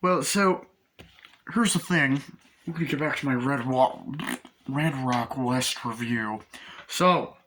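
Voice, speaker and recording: A man talking through a film in a loose, rambling way, losing his thread and coming back to it. His voice is bright and forceful at an ordinary pitch, and he swears freely as he goes. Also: slow. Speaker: movie reviewer. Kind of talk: casual rambling movie review.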